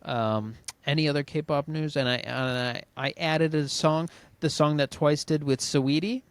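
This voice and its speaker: A man's voice: fairly high pitch, steady tone, normal speed, clear, resonant tone, no echo. A young man co-hosting a podcast, chatting casually in an offhand, joking way, trailing off with fillers. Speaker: podcast co-host. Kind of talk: casual chat.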